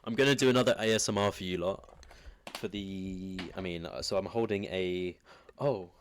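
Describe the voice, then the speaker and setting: A deep-voiced man hosts a podcast in a relaxed, jokey manner. He chimes in often to agree and keeps things light. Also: normal speed, a little hiss or hum. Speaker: podcast host. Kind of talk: casual chat.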